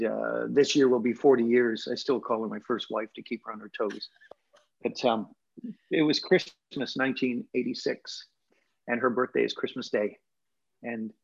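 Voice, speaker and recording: Here the interview storyteller, a man in his sixties brought up in England with a Canadian accent, sounds creaky and a little breathy at a medium pitch. The muffled recording captures him reflecting on his life, getting emotional and laughing along the way.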